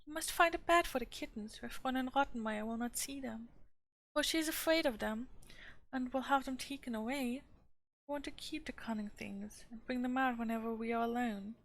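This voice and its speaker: Woman doing a gentle coaxing young girl. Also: on the high side, brisk, voice pushed up, natural voice, poor audio. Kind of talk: storybook read-aloud.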